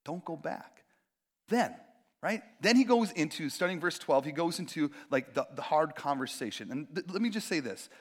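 A man giving a sermon in a loose, conversational way, with a slightly high voice that swings widely as he acts out quotes and cracks jokes. He sounds animated and expressive, like he's talking with the room rather than at it. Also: normal speed, husky. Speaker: pastor.

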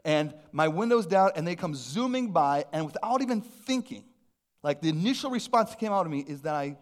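A man who is a pastor, preaching a sermon with personal storytelling, animated and self-deprecating. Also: fairly high pitch, brisk. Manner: animated, self-deprecating humor, frequent restarts.

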